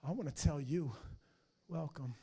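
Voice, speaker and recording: A man preaching a fiery sermon as pastor, swinging from hushed lines to shouted ones. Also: on the high side, a little slow, slightly rough.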